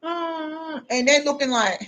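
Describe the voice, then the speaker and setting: Fairly bright in tone, medium in pitch, and at normal speed, a woman talks straight to the listener about spiritual matters. The monologue is casual and unplanned, blunt and confrontational, loaded with street slang and many tags like "you know what I'm saying."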